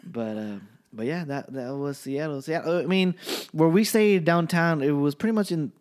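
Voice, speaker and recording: Casual storyteller, man from California, high-pitched, profane and animated. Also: moderate pace. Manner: profane, animated, laughing through his story. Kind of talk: casual chat.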